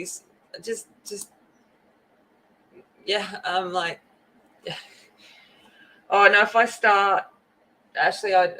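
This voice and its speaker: A woman's voice: lowish voice, pushed and bright, a little hiss or hum, rough recording. A woman hosting a coloring livestream, chatting casually and greeting viewers by name. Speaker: livestream host. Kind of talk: casual chat while coloring.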